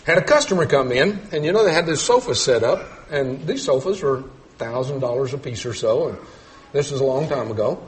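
A middle-aged man preaching a sermon, telling folksy stories and swinging between loud emphatic points and quiet low asides. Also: expressive, brisk, a little hiss or hum. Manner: storytelling with folksy humor.

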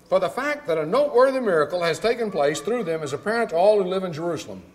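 An older Texan preacher with a somewhat high voice, delivering a sermon as easygoing storytelling. He drawls slowly whenever he wants a point to land. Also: expressive. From Texas. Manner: conversational storytelling preaching, slowing for emphasis.

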